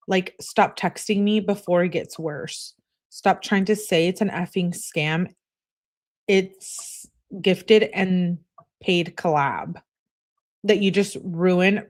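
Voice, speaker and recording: A bossy young girlfriend scolds and insults her boyfriend by text, read aloud by a woman. The voice sits a little low, and the texts come out as plain reading rather than acting. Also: takes it slowly. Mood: scolding.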